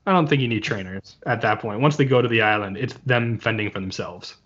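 A man's voice: on the low side, brisk, a bit bright. Give me a playful male podcast co-host with a slightly muffled recording. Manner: playful, spins hypotheticals. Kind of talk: casual chat.

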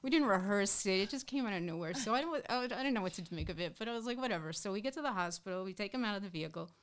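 A middle-aged woman tells work stories in casual conversation. She is animated and laughs easily, and she slips into other people's voices as she quotes them. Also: medium pitch, very fast. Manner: animated, laughing storyteller who acts out quotes. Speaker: veteran EMS worker, podcast guest. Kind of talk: casual storytelling.

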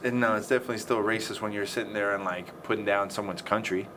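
A man's voice: on the low side, fairly even intonation, quick pace. A man telling a story in casual chat, swearing often and acting out the scenes. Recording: faint background noise.

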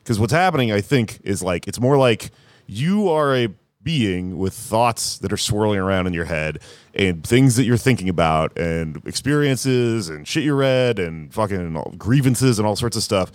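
Low-voiced dude riffing on a podcast, lots of um and like, dry close mic. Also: male voice, lively intonation, moderate pace, no echo. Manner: rambling, profane, many fillers. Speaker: comedian podcast host. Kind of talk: casual podcast chat.

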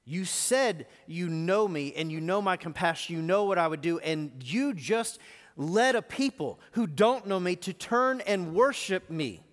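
A man's voice: high-pitched, animated, unhurried. A man acting out God, who presses a wayward prophet with stern yet loving questions. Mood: pressing. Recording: long reverb in a live hall.

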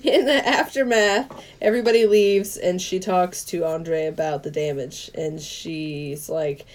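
A woman with a slightly low-pitched voice recaps a movie on a casual podcast. She is animated and laughs easily, and she slips into the characters' lines as she retells the plot. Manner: animated storytelling, quick to laugh, acts out quoted lines. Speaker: podcast co-host.

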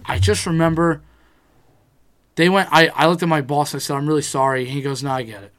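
A man's voice: on the high side, quick pace, a bit bright. A man in casual chat, telling a rambling personal story, swearing freely and acting out what people said.

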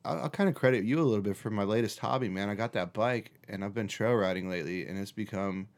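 Fast and on the low side, this male host's voice carries an animated story in a casual chat. He swears a lot and restarts frequently.

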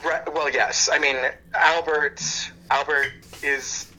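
A man's voice: on the high side, steady tone, slow, bright, forceful tone. A man called in as a guest on a phone line, talking in an effusive, laughing, casually profane way. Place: at home. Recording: phone line with faint hiss.

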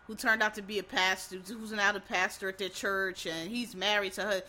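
A man chats casually to his listeners, sounding a little tired. His voice is bright and forward. He rambles, trails off and restarts, and calls his audience y'all. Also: high-pitched, flat delivery, moderate pace. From Philadelphia. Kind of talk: casual chat recapping a TV show.

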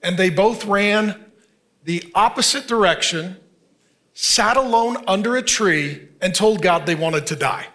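A man in his fifties, a pastor preaching an earnest, conversational sermon with quick asides. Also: high voice, pushed and bright. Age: 50s.

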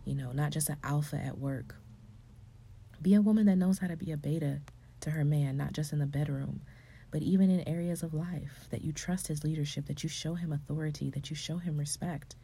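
A low-pitched woman speaks to other women like a coach giving a faith-filled pep talk. Her voice is mellow and a little husky, often dropping to a hushed, breathy tone. Then it climbs into loud, emphatic exclamations. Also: brisk.

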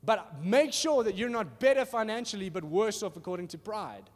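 A man preaching a sermon in a church hall in an animated, conversational way, often asking "are you with me?". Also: sits high, normal speed. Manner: animated and conversational, acting out little voices, asks "are you with me?". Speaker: pastor. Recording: reverberant hall.

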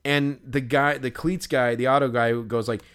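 A man's voice: mid-range voice, steady tone, moderate pace, fairly bright tone, clear, resonant tone. A man co-hosting a podcast, telling a story in casual chat, rambling with many fillers and restarts. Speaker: podcast co-host.

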